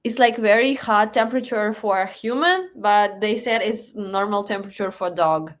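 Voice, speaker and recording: A woman's voice: mid-range voice, moderate pace. A young woman from Russia with a Russian accent, hosting a casual live stream from home, chatting and reading comments with frequent laughs and fillers. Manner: chatty, laughs often, thinks aloud with fillers. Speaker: livestream host. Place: home in Moscow.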